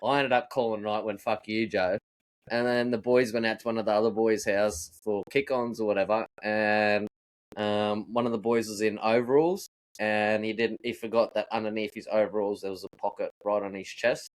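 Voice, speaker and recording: A man's voice: lowish voice, moderate pace. A man, a podcast co-host and roofer, telling rowdy, profane work stories in casual chat. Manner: profane, animated storyteller acting out rants.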